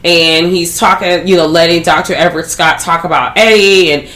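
Animated profane woman recapping a movie. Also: on the low side, moderate pace. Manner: animated, profane, slangy storytelling. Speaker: podcast host. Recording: roomy echo.

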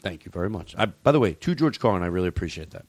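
Animated man riffing as a comedy host. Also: low voice, heavy background noise. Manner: animated, jokey, swings into mock showman bravado. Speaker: podcast host. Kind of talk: casual comedic banter.

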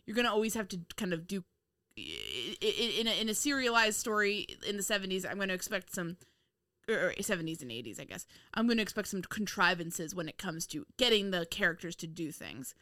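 A woman's voice: medium pitch, brisk, pushed and bright, no room sound, clean studio sound. A woman co-hosting a podcast, chatting casually about a TV episode, laughing often and teasing with exasperated swearing. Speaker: podcast co-host. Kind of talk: casual chat reviewing a TV episode.

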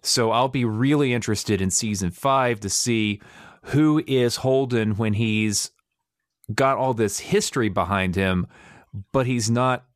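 A man on a podcast talking in a measured, thoughtful way with frequent hesitations. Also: medium pitch, no room sound, clean studio sound. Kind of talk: casual chat.

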